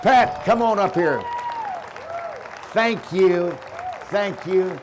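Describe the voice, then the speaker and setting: An older man leading a memorial ceremony, reciting a patriotic tribute in a solemn, measured way. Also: sits high, a little hiss or hum. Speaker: ceremony emcee.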